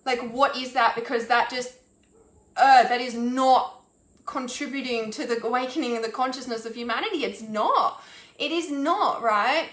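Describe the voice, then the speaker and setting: A woman's voice: on the high side, normal speed, fairly bright tone, roomy sound. A woman, an intuitive healer, ranting on a live stream, exasperated and swearing, with lots of restarts and "like". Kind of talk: angry live-stream rant.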